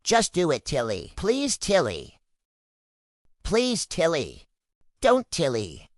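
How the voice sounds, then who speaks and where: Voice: mid-range voice, wildly swooping pitch, takes it slowly, dry recording, clean studio sound. A person voicing a hungry, dramatic pet dog who begs over and over in a home video. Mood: begging. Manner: begging, repetitive pleading.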